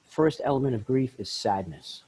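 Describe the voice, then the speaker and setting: A middle-aged man talking candidly as a podcast guest, blunt and animated, laughing often and acting out little scenes. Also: medium pitch, moderate pace, slightly rough, poor audio. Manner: animated, blunt, laughs often, acts out voices in his stories. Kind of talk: candid conversational self-help talk.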